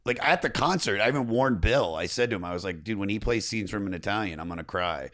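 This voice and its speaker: Animated low-voiced male podcast host. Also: fast talker, no echo, studio quality. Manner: animated storyteller, swears casually. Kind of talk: casual podcast chat.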